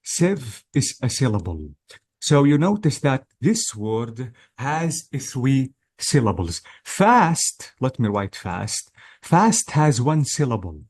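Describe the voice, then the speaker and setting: A man's voice: medium pitch, very animated, slow pace, darkish tone, breathy edge. Hesitant man teaching an exam lesson. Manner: patient, step-by-step explaining, many hesitations and check-ins. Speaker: English test-prep teacher. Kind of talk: explanatory lesson for exam practice.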